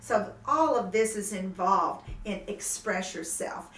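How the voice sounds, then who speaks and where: A woman instructor calmly explaining seated movement exercises to a class. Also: mid-range voice, takes it slowly. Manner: gentle, explanatory, then animated emoting. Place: room with music playing. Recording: echoey room, mic at a distance, music behind.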